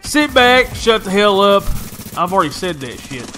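A brash young man with a drawl trash-talks his way through a shooter match, cussing and hollering. His voice sits high and bright, with a sharp forward edge. A faint hiss runs under it. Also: big pitch swings, normal speed. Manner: brash, profane, folksy trash talk. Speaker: gaming YouTuber. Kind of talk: game commentary.

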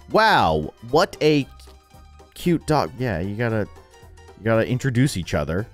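Young man, gaming commentary, playful and silly, very animated pitch, faint music underneath. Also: unhurried. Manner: goofy, laughing, animated reactions. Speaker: gaming YouTuber.

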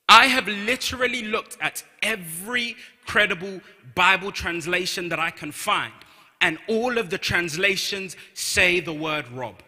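A man with a London accent preaches in an emphatic, repeating style, his voice high and piercingly bright. Long reverb trails off the walls of a large church hall around him. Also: measured pace. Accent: London English. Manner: emphatic, repeats key phrases, reads scripture aloud. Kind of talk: sermon.

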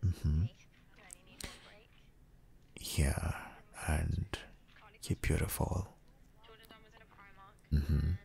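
A man in a whispered role-play as a husband, talking in a soft, comforting and reassuring way. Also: extremely low pitch, steady tone, extremely slow, vocal fry, pauses often.

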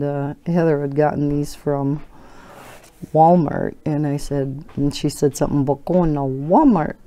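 A low, mellow older woman chats at an unhurried pace as she colors. She rambles through everyday stories and laughs often, with a baby in her arms. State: holding a baby while talking. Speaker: coloring channel host. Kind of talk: casual chat while coloring.

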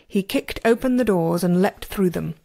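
A woman's voice: mid-range voice, normal speed, creaky, mellow. Woman reading a fan audiobook. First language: not Chinese. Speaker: amateur reader. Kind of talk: audiobook narration.

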